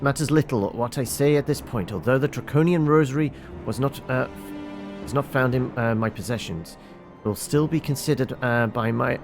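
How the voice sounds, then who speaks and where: A man reading as a proud young nobleman in a fantasy game, anxious and wronged, speaking in lofty, formal phrases. The voice swings lively in pitch, with soft music behind. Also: natural voice. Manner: formal, lofty diction with stumbles.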